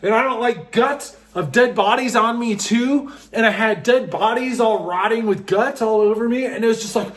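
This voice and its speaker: A young man with a high voice tells a personal story in a casual, excitable way. He rushes through it with plenty of "like" and "just". His delivery is animated and loose.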